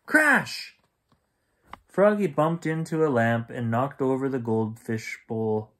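A man reading a children's bedtime story aloud, slow and expressive, playing the sound effects. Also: mid-range voice.

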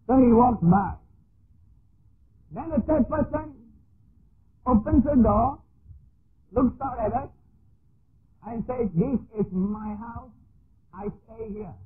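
A man preaching a sermon, teaching slowly and deliberately with repeated examples. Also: high voice. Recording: tinny phone-like archive recording with faint hiss.

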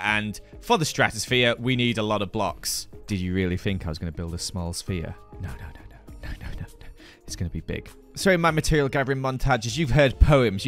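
A man's voice: medium pitch, a bit bright. A young man hosting a gaming video, talking through his build in a goofy, self-mocking commentary style. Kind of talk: playful gameplay commentary.

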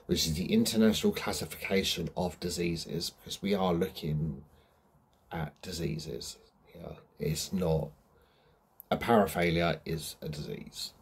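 A man's voice: deep voice, a little slow, breathy edge. A young man hosting a true crime channel, explaining a case in a casual, rambling way full of ums and asides.

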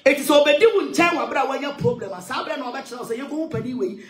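A woman ranting loudly in a heated monologue, switching between English and Twi, with shouting and sing-song outbursts. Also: sits high, quick pace, reverberant. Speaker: social media commentator.

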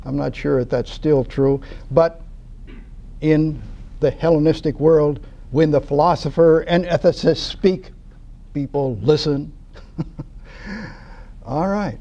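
A man lectures a church Bible study group in a folksy, unhurried way, tossing in casual asides as he walks the class through their sheets. His voice sits a little high for a man yet sounds mellow and dark. The recording is dull and lo-fi. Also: gravelly. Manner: slow, folksy teaching with asides.

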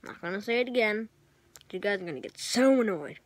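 A woman's voice: medium pitch, expressive, brisk, no echo. A girl vlogging from her bedroom, rambling and self-mocking, often sighing and dropping to a whisper. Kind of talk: rambling casual vlog to camera. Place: bedroom, on a bunk bed.

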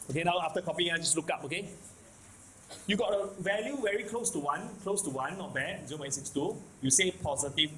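A man's voice: high-pitched, a bit bright, slight background noise, low-quality recording. A man with a Singaporean English accent giving a math lecture, repeating key points and checking in with the class often. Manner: repetitive, keeps checking in with "okay? can?". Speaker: math teacher.

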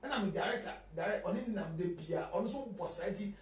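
A man talking in a lively mix of Twi and English as a guest in a casual chat. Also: sits high, fairly quick, far from the mic. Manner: animated, switches between Twi and English. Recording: echoey room, voice from off-mic.

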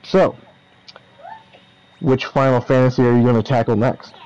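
A man's voice: medium pitch, steady tone, moderate pace, a little mellow, smooth. A man co-hosting a game stream, playful and teasing in casual chat. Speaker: co-host. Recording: dull, lo-fi sound.

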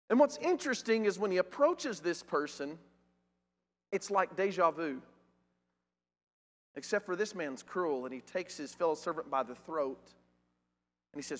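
Male preacher, high and bright, emphatic sermon delivery. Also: normal speed. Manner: questioning, emphatic, reads scripture aloud. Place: church sanctuary. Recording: church hall with long reverb.

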